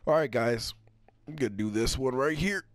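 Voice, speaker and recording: A man giving casual live commentary over his own gameplay, trash-talking in a profane, excitable way with sudden yells. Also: medium pitch, moderate pace, no echo.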